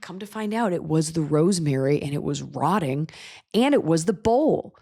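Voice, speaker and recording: A woman hosting a comedy podcast, telling stories in animated casual chat and slipping into voices. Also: deep voice, moderate pace. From lives in Los Angeles. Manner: animated storyteller, jumps into voices mid-story. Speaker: podcast host.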